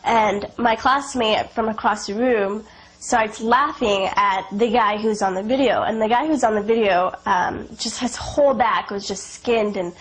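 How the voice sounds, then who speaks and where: A woman's voice: fairly high pitch, poor audio. A young woman from Afghanistan telling her personal testimony in an earnest, conversational way, full of "you know" and "like".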